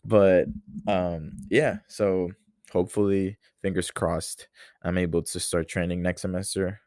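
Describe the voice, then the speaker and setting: Deep-voiced young man musing aloud. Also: level tone, measured pace, a little mellow, dry recording, clean studio sound. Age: young adult. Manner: rambling, reflective, full of fillers and restarts. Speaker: podcast host. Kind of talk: casual solo podcast chat.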